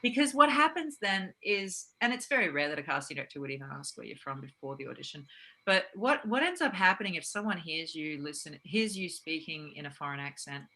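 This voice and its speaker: A woman, an actress and acting coach, talking casually in an interview, animated and laughing often. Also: deep voice, fairly quick, low-quality recording. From Australia.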